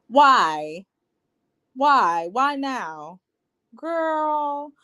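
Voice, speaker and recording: Brief: blunt, slangy woman vlogger, a touch high-pitched, dishing on a reality show. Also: sing-song, drawn-out words, fairly bright tone. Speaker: reality TV recap host. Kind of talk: casual TV review vlog.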